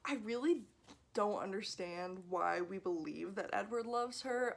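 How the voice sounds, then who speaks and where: A young woman reviewing a book on her vlog, talking to camera in a loose, chatty way. She gets animated and sarcastic, drops casual swears and laughs through her complaints. Her voice sits at an ordinary middle pitch. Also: unhurried, vocal fry. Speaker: book vlogger.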